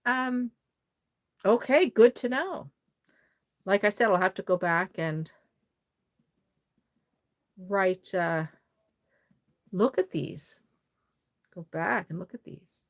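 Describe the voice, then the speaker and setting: A woman's voice: medium pitch, slow pace, long pauses. A woman with a Cape Breton Maritime Canadian accent, hosting a casual livestream and chatting effusively with viewers while she works. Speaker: doll-making livestream host.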